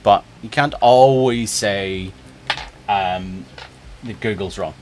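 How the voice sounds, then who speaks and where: A man's voice: lowish voice, takes it slowly, background noise. A man streaming a game, talking casually and jumping between topics with chat. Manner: animated, chatty, jumps between topics.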